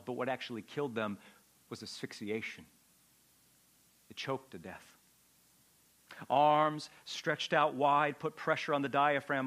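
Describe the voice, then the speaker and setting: A man preaching a sermon with a dramatic delivery, swinging from loud outbursts to a hushed, low voice. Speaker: pastor.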